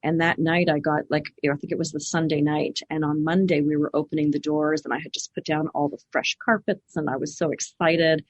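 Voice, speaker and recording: A woman's voice: low-pitched, flat delivery, brisk, few pauses, slightly rough, no echo, highs cut off. A middle-aged woman from Canada, a guest on a podcast, animatedly telling stories and acting out the voices she quotes. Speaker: podcast guest, clinic owner. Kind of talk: casual interview storytelling.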